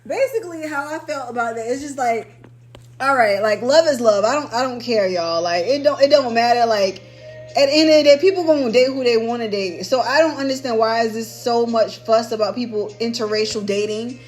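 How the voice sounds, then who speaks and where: A young woman co-hosting a podcast, chatting in an animated, slangy way and laughing easily. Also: fairly high pitch, fairly quick, soft background music. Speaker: podcast co-host. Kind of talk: casual podcast chat.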